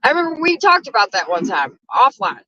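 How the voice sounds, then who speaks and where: Loud, bright-voiced woman streamer. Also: on the high side, very animated, a little fast, no room sound, muffled recording. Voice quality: loud, profane, laughing often. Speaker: livestream host. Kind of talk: casual livestream chat. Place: in a car.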